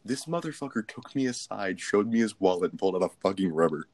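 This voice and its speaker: A man's voice: deep voice, expressive, fast. A young man co-hosting a podcast, telling a rambling, profane story in casual chat. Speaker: podcast co-host.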